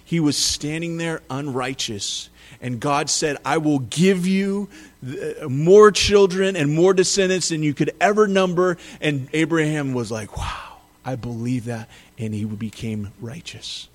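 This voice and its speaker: Man, pastor, conversational sermon, slightly high voice, lively emphasis. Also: measured pace. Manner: conversational preaching, paraphrases scripture with lively emphasis.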